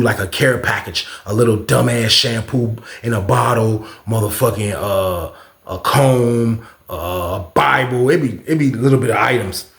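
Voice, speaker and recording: A man with a gravelly, mid-pitched voice tells a casual storytime. His talk is animated and full of profane slang. The recording is roomy and echoey. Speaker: storytelling channel host.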